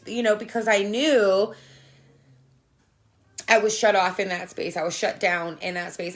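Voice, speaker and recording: A woman's voice: fairly low pitch, a bit bright. A woman hosting a casual spiritual livestream, talking candidly with plenty of swearing, laughing often and answering viewers' comments. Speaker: livestream host.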